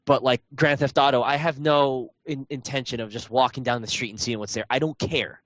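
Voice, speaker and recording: A man's voice: medium pitch, fairly even intonation, a little fast, fairly bright tone, no echo, highs cut off. Rambling man telling a gaming story. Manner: rambling storyteller, many fillers and restarts. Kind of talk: casual chat.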